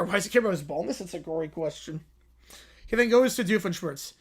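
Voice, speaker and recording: A man's voice: high-pitched, expressive, brisk, breathy edge. A man hosting a livestream, reading out fan scripts with amused casual asides. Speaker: livestream host.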